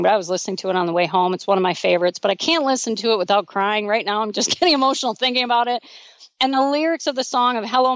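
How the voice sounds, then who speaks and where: A woman's voice: a little high, dry recording, highs cut off. A woman hosting a motivational radio talk show, earnest and encouraging, sometimes getting emotional. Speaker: radio show host and life coach.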